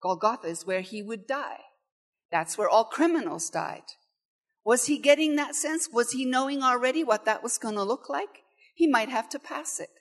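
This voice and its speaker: A woman preaching a sermon in a church, conversational and animated, acting out quoted voices. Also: fairly high pitch, normal speed.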